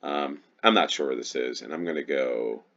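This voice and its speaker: A man's voice: rumbling low, moderate pace, fairly bright tone, muffled recording. A man from New York with a Western New York accent, thinking aloud while playing a geography guessing game, hesitant and full of ums. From New York, USA. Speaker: GeoGuessr channel host. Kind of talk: casual gameplay commentary.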